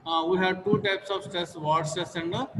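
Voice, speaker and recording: A man's voice: high voice, fairly even intonation, normal speed. A man teaching English in an online class, repeating phrases again and again for his students to echo. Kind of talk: online class lecture with call-and-repeat drills. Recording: long reverb, faint noise.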